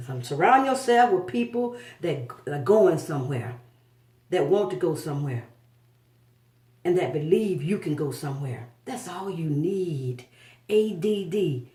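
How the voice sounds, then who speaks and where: A middle-aged woman gives a preachy, motivational talk and keeps circling back to her key phrases. Her voice sits low and mellow. She sounds distant from the mic, in a room with a noticeable echo. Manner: preachy, emphatic, repeats phrases for emphasis. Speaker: vlogger giving life and business advice. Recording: echoey room, mic far off.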